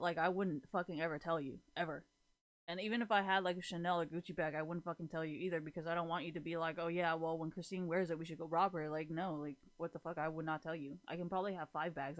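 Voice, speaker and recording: A woman's voice: lowish voice, fast. A woman in her twenties ranting casually to her viewers, profane and rambling, with "like" in nearly every sentence. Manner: profane, rambling, says "like" constantly. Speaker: vlogger.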